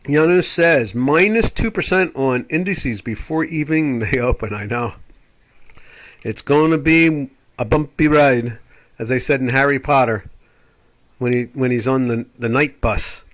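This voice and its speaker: An older man with a mid-range voice and measured pace hosts a live trading chat, rambling and opinionated as he discusses market charts. He puts on voices when quoting others.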